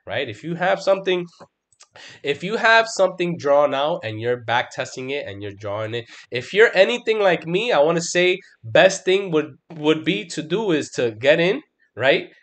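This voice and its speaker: A man's voice: fairly high pitch, big pitch swings, moderate pace, fairly bright tone. A middle-aged man hosting a trading livestream, talking in an emphatic, casual style full of swearing and "bro"s, now and then mimicking his own panicked outbursts. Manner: emphatic, swears constantly, lots of "right?" and "bro". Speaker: trading stream host. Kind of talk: casual profane livestream chat.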